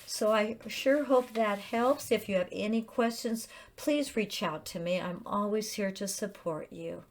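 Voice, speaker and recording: A middle-aged woman, a chaplain, gently explaining grief recovery homework with personal examples. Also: medium pitch, measured pace. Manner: gentle and earnest, reading out sample statements. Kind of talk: instructional talk with personal examples.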